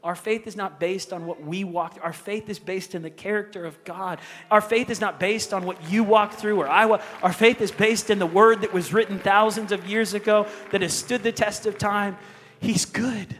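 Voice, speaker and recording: A male pastor voicing a grieving, gentle man of faith, speaking quietly and tenderly. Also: sits high, moderate pace, few pauses, a little hiss or hum, lightly acted. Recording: echoey hall with music underneath.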